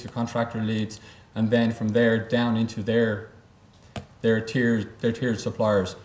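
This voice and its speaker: A man giving a conference presentation as a software company presenter, explaining step by step and often repeating words mid-sentence. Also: lowish voice, roomy sound. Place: conference room.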